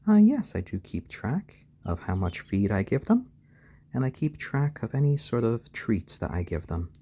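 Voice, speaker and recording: A man hosting a live stream, talking softly to his baby chicks in a low-key, soothing way and answering viewers' questions. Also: big pitch swings, moderate pace. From born in Japan to British parents.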